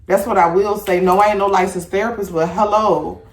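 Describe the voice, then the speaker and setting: A woman hosting a casual podcast chat, talking bluntly with plenty of swearing and lively storytelling. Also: medium pitch, fairly quick, roomy sound. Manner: blunt, profane, animated storytelling. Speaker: podcast host. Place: home room with incense.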